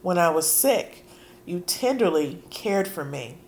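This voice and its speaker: A hoarse woman preaching a sermon, speaking earnestly and casually and reading scripture aloud with emphasis. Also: on the low side, expressive, measured pace, darkish tone, slight background noise. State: hoarse from allergies.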